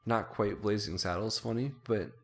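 A man co-hosting a podcast in relaxed, easygoing chat. His voice is very deep and gravelly. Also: normal speed. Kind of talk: casual chat.

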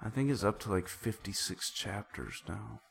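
Laid-back gravelly man chatting. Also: on the low side, normal speed. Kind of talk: casual chat.

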